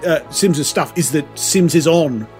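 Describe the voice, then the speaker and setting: A man's voice: fairly high pitch, a little slow, faint music behind. A man co-hosting a podcast, reviewing an album in rambling casual chat, swearing freely and restarting his sentences a lot. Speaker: podcast co-host.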